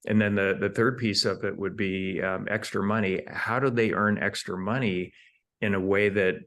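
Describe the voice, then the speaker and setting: A man's voice: lowish voice, steady tone, normal speed, fairly bright tone. A man, an entrepreneur being interviewed, who explains his ideas in numbered steps and often repeats words while he thinks. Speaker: entrepreneur guest. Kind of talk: conversational interview.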